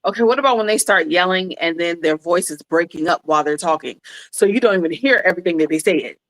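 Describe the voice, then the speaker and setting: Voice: medium pitch, fast talker, fairly bright tone. A podcast co-host in casual chat, joking and playing out little scenes.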